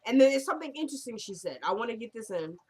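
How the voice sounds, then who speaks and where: A woman chatting casually through a recap of a TV episode, retelling the scenes line by line with lively, laughing asides. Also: on the high side, racing, slightly rough.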